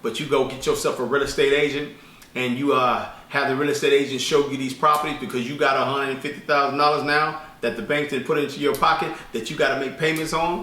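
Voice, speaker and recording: A man teaching an informal spoken lesson as a business credit instructor, talking fast and colloquially, rambling with restarts. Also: mid-range voice, fairly even intonation, bright, forceful tone. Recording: echoey room, distant mic.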